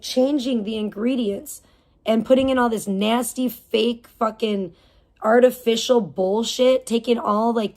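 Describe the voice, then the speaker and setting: She reads her chat during a livestream and goes off on a rambling, indignant rant laced with heavy swearing, restarting sentences and leaning on fillers. The voice is on the high side with a darkish tone.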